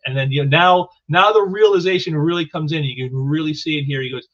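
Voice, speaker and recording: A man reviewing a comic book in casual commentary, halting and often repeating words, on a dull lo-fi recording. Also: on the high side, a bit bright.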